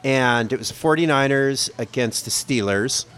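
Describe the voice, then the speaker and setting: A man's voice: medium pitch, normal speed, a bit bright, smooth. A middle-aged man co-hosting a casual pub chat, telling a rambling, self-mocking travel story. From United States. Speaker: podcast co-host.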